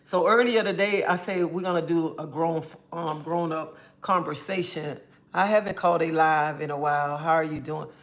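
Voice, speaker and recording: A woman hosts a relaxed livestream, calling out viewers by name and chatting easily. She sounds a little under the weather and talks into a phone or webcam mic. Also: sits low. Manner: greets chat viewers by name, drawn-out friendly talk. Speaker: livestream host. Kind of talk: casual livestream chat.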